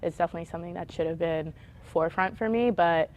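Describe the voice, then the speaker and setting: A young woman, a college softball player, giving calm and thoughtful interview answers, often saying like and um. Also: on the low side, fast talker, a little hiss or hum. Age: young adult.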